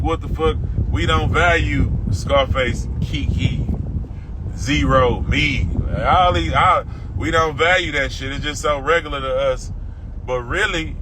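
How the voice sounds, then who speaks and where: A man's voice: fairly high pitch, sharp tone, slight background noise, low-quality recording. A man with a Houston accent hosting a casual livestream from his car while driving, in laid-back, profane, rambling street talk. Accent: Houston, Texas. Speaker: livestream host. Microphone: phone.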